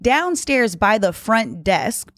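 A woman guest on a podcast, telling a story in casual chat, lively and exasperated as she quotes others. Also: medium pitch, takes it slowly, no echo, studio quality.

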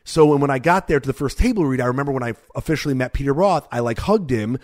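A man in his forties co-hosts a podcast in loose, casual chat. His voice sits at an ordinary middle pitch, and he drifts through long anecdotes, full of fillers and restarts. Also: animated, quick pace, a little mellow. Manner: rambling storyteller, lots of fillers and restarts. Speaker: podcast co-host and comedian.

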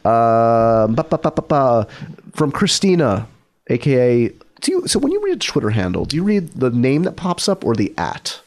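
A man's voice: medium pitch, wildly swooping pitch, a little fast, darkish tone. A man hosting a podcast, chatting enthusiastically with plenty of fillers. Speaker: podcast host. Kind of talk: casual podcast chat. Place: small office studio.

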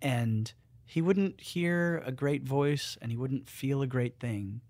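A man, a guest author and musician, talking in an animated, joking yet earnest way in a casual conversation. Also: medium pitch, slow, no echo.

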